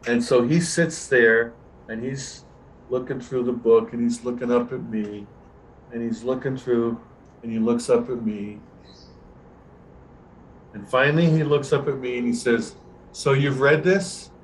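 An older man, a veteran camera assistant, telling a relaxed anecdote as a guest on a video-call Q&A and acting out the dialogue. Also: mid-range voice, measured pace, long pauses, a little hiss or hum, low-quality recording. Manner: relaxed anecdotal storyteller, acts out quoted dialogue. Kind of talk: storytelling in an online Q&A.

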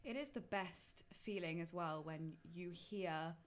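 A woman with a very low voice chats casually with friends on a podcast. She talks freely, with a loose, easy-going flow. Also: unhurried. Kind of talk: casual chat.

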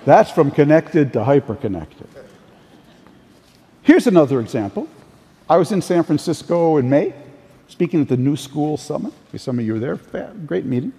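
A man's voice: fairly high pitch, big pitch swings, moderate pace, dark tone. An older man giving a conference keynote, telling anecdotes in a storytelling way with occasional restarts. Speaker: keynote speaker. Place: large conference hall. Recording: distant, echoey hall sound.

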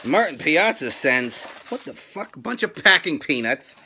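A middle-aged man hosting a toy fan mail unboxing, loud and excitable, joking crudely and breaking into sudden high squeals. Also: moderate pace, husky. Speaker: toy channel host.

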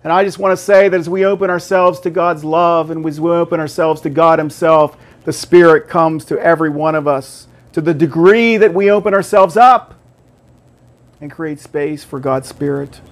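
Brief: male pastor in his late fifties, emphatic sermon delivery with quiet prayerful passages, slightly high voice. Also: fairly even intonation, moderate pace. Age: 56 or older. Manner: earnest, emphatic preaching with soft hushed prayers.

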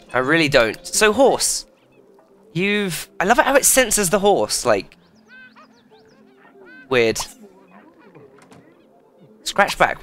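A man giving excitable, sweary commentary while playing a video game. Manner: excitable, swears a lot, jumps in pitch. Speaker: gaming YouTuber. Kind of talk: casual let's play commentary.

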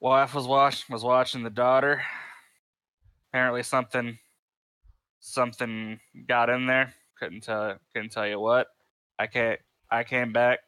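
A man voicing a grim, blindfolded male monster hunter, speaking in flat, clipped, weary phrases. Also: medium pitch, a little slow, pauses often, smooth, no room sound.

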